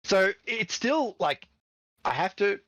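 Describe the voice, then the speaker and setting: A middle-aged man who runs an esports team appears as a podcast guest, telling fired-up stories in casual chat and swearing freely. His voice sits high, his pace is slow, and the recording is dry.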